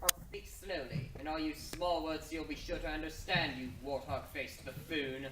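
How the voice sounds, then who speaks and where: A man playing a weakened young hero in a stage play, speaking slowly with mocking menace. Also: fairly high pitch, steady tone, close to an everyday voice. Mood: menacing. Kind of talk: amateur stage acting. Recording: echoey room from far off, noisy.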